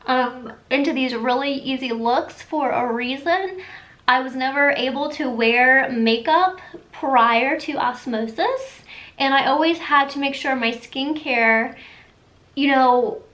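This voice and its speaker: Chatty woman with a high voice. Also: fairly bright tone. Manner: chatty and enthusiastic, quick asides. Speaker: beauty vlogger. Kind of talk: casual makeup tutorial.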